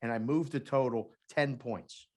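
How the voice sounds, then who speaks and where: A man co-hosting a sports betting podcast, talking casually and telling stories with animated energy. He acts out the people he quotes with lively jumps in voice. The pitch sits in an ordinary middle range. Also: measured pace. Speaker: podcast co-host, former sportsbook oddsmaker. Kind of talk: casual chat, storytelling.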